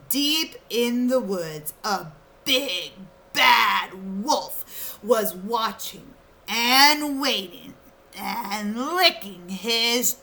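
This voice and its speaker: Woman, teacher reading aloud to children, expressive storybook voice, very slow, high and bright. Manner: expressive, asking the listeners questions.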